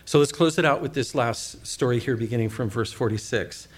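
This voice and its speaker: Middle-aged man, pastor's sermon, relaxed storyteller who asks the room questions. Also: mid-range voice, a little fast.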